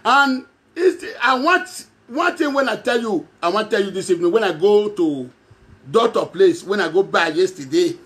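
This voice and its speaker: A man with a Nigerian Pidgin accent from Edo State speaks straight to his followers in a high voice. He rambles and repeats phrases, often chuckling between lines. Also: a bit bright. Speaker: self-styled prophet addressing followers. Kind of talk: direct-to-camera monologue.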